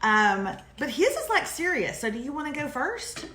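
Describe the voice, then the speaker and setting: With a high, sharp voice that swings widely in pitch, a woman speaks at normal speed while co-hosting a casual morning livestream. She teases, jokes and tells stories, and the recording has a roomy echo with faint noise in the background.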